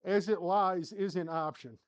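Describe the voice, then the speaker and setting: In a home golf simulator studio, a man hosting a sim golf channel walks through his own round shot by shot, muttering to himself and shifting from flustered to upbeat. His high voice carries fairly even intonation and a slightly slow pace in this casual commentary.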